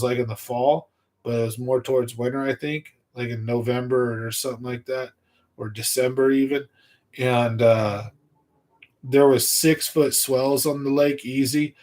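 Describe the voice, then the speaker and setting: A young man hosting a fishing livestream, telling a story in a casual, slangy way and acting out his own thoughts. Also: medium pitch. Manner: animated storyteller, slangy, acts out his own inner voice loudly. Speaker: fishing channel host. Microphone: livestream computer mic.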